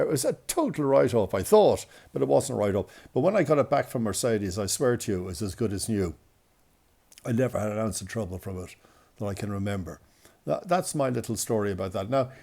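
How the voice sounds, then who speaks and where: An older Irish man telling rambling, self-mocking stories in a casual way, getting excited at the punchlines. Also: on the low side, creaky. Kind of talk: casual storytelling.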